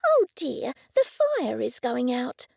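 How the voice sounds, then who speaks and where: A woman doing a chirpy, high-voiced landlady. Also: wildly swooping pitch, slow pace, vocal fry, no room sound, studio quality, heavily acted. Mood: cheerful. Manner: bright and chirpy. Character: lively, cheerful woman friend, a landlady.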